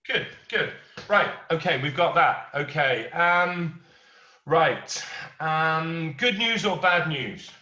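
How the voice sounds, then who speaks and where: A middle-aged man teaches a martial arts class, switching between lively storytelling and step-by-step instruction. His voice is bright and carries, but it was captured from a distance in a roomy, echoing space with a dull, lo-fi sound. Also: a little high, takes it slowly. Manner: storytelling, animated quoting of others.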